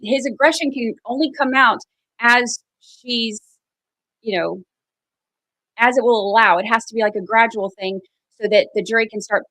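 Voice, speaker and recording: Brief: woman commentator, fairly high voice, rambling livestream chat about a trial, lots of "like" and "you know". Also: fairly bright tone. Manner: chatty, heavy use of "like" and "you know", acts out quoted voices. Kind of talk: casual live commentary.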